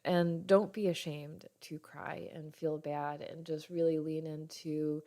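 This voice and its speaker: A woman in her thirties hosting a podcast as a doctor, talking frankly and warmly in an unscripted way, and sometimes acting out what others say. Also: sits low, level tone, slow. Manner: frank and heartfelt, swears casually, acts out others' lines. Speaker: podcast host, functional medicine doctor. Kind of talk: candid solo podcast talk.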